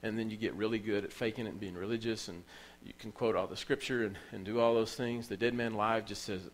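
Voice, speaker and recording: Low-voiced emotional male preacher. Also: fairly even intonation, fast talker, rough recording. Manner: emotional storytelling preacher, repeats phrases for emphasis. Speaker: pastor. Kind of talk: sermon. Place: church.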